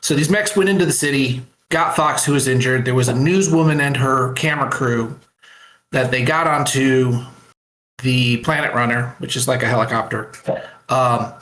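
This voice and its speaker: A man recaps a story in a casual online chat, halting often with fillers. His voice sits at a middle pitch. The call audio sounds roomy. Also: fairly bright tone. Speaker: writer sharing his work. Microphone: computer mic on a voice call.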